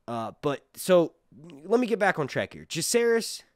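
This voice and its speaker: A man reviewing a show in loose, off-the-cuff commentary, his pitch swinging widely as he gets excited. He rambles with plenty of fillers and restarts. The sound is dry and close, with little room echo. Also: normal speed. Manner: rambling, many fillers and restarts, animated bursts.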